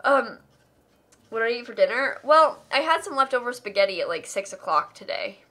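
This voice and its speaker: A tired young woman on a live charity stream reads donation messages aloud and gushes her thanks, laughing as if on the edge of tears. Her voice is a little high and sing-song, a little fast, bright and forceful.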